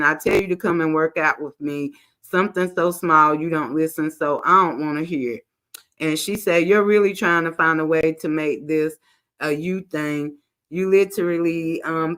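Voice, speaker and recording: A woman's voice: deep voice, a bit bright. A woman hosting a commentary channel, reading text messages aloud and breaking in with her own casual remarks. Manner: reads texts aloud with side remarks, African American Vernacular English grammar.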